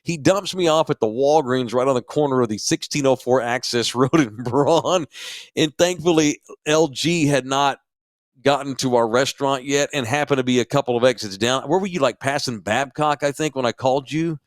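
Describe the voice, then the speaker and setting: A man hosting a talk show, telling a story in an animated, profane and self-mocking way. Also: medium pitch, normal speed, no echo, clean studio sound. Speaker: podcast host. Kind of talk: casual storytelling.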